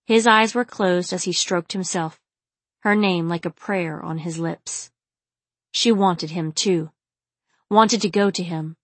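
Woman reading a novel out loud, steady and intimate, low voice, dry close sound. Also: slow pace, no room sound. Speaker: audiobook narrator. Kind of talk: scripted audiobook narration.

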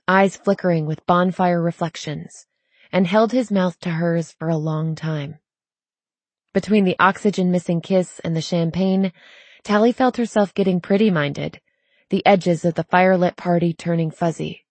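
A woman narrating a story in a measured, even reading voice. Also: fairly low pitch, no room sound. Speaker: audiobook narrator. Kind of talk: scripted narration.

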